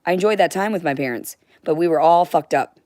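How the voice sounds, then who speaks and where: A woman's voice: on the low side, brisk, a little mellow, no echo, clean studio sound. A woman delivering a heated, rambling monologue to her viewers, swearing freely as she goes. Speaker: livestreamer.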